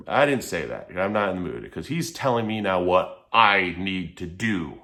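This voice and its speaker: A man's voice: sits low, normal speed, hardly any pauses. A man telling a personal story to camera in a casual, heated, profane way. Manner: heated, profane, animated retelling.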